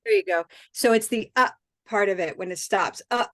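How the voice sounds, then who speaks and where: A woman's voice: mid-range voice, moderate pace, a bit bright, no echo, studio quality. A woman, leading a live online pronunciation lesson and patiently modeling words for learners to repeat. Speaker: English pronunciation teacher.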